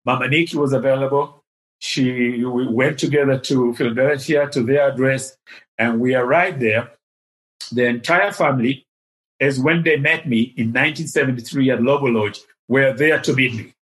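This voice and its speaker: An older man, from Tanzania, telling an animated story as an interview guest. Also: medium pitch, moderate pace, poor audio. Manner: animated, acts out the voices in his story.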